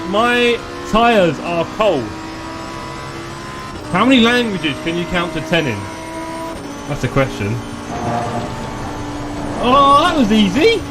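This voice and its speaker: A man's voice: on the high side, background noise. A man chatting casually and joking at his own expense while live-streaming a sim race. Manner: chatty, joking, self-deprecating. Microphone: desktop streaming mic.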